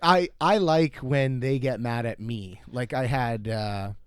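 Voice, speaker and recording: A man's voice: medium pitch, slow pace, clean tone, no room sound, studio quality. A young man co-hosting a casual podcast, laughing often and slipping into mimicked voices. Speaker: podcast co-host. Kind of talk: casual chat. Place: green room.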